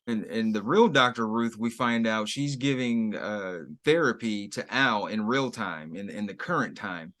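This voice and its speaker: A man's voice: lowish voice, a little slow, hardly any pauses, fairly bright tone. A man co-hosting a podcast, recapping an episode in casual chat with wry, crude quips. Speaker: podcast co-host.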